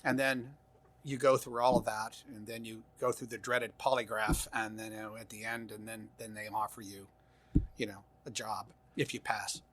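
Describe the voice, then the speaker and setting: A man's voice: fairly low pitch, little pitch movement, moderate pace, a bit bright, a little hiss or hum. An older man, a retired intelligence officer, telling long rambling anecdotes in an interview, with frequent restarts. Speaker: guest, former intelligence officer. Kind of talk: casual interview storytelling.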